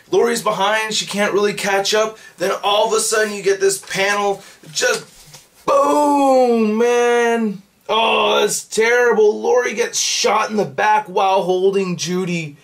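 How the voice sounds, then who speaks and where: A man giving a casual, excited recap of a comic book, swearing freely and acting out the characters' lines. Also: high-pitched, measured pace, vocal fry.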